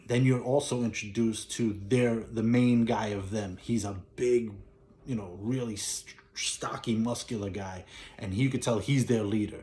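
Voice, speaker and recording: A man's voice: fairly low pitch, unhurried, dark tone. A man casually retelling a film plot, rambling with fillers and restarts as he goes. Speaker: movie reviewer. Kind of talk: casual movie recap.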